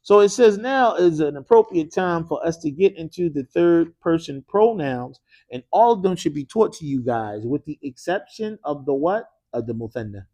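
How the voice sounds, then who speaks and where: A man's voice: a little high, expressive, moderate pace, hardly any pauses, warm tone. A man teaching an Arabic grammar class in a mosque classroom. He speaks with energy, keeps quizzing his students with "what?" prompts and drops casual slang.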